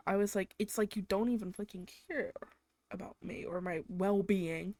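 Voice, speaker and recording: A woman's voice: mid-range voice, fairly even intonation, normal speed, darkish tone, dry recording. A young woman hosting a solo podcast, venting in an exaggerated, profane way about everyday annoyances. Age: young adult. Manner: exaggerated, swears constantly, vents about her boyfriend. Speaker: podcast host.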